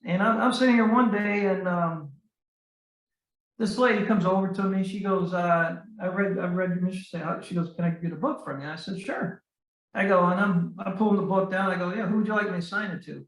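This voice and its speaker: A man telling a personal story as a podcast guest, speaking in an earnest, heartfelt way with frequent halting restarts and fillers. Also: high voice, fairly even intonation, fairly bright tone, recorded from a distance. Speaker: guest, Navy veteran and author. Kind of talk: casual storytelling in a podcast interview. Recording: roomy sound, voice set back from the mic.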